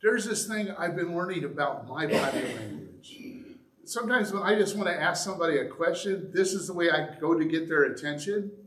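Animated preacher man, echoey room. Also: a little high, fairly quick. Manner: animated, acts out examples with shifts in loudness. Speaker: pastor. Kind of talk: sermon.

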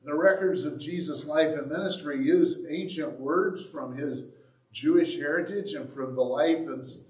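Folksy Southern Indiana pastor, roomy sound. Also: male voice, on the high side, normal speed, a little mellow, distant mic. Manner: folksy, joking storyteller. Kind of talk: sermon.

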